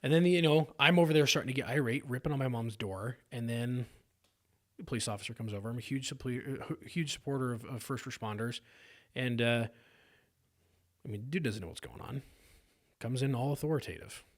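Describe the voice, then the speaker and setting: Casting note: earnest man from Sacramento, candid storyteller, mid-pitched voice, stumbling restarts. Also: a little fast. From South Sacramento, California. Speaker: podcast guest.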